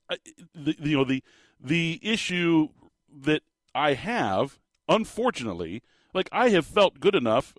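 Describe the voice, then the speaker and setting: A man's voice: mid-range voice, fairly bright tone, no room sound. A male sports talk radio host talking on his own into a studio microphone. He rambles in a loose, self-deprecating way, full of restarts and fillers, while getting over an illness. The sound is close and dry. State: recovering from illness, voice lost several times. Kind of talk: casual solo radio talk.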